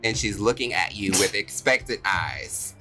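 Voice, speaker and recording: A man's voice: on the low side, measured pace, faint music behind. A man narrating a tabletop game as game master, chatty and laughing as he tells the scene. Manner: animated, laughing, chatty storytelling.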